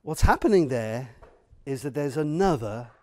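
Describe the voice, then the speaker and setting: A man preaching a sermon in an earnest, emphatic way, with many pauses and fillers. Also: medium pitch, animated, mellow.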